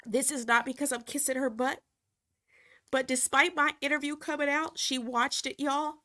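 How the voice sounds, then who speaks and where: A woman who was once a reality TV cast member reflects emotionally and earnestly, halting at times and repeating phrases for emphasis. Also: high-pitched, fairly even intonation, pushed and bright.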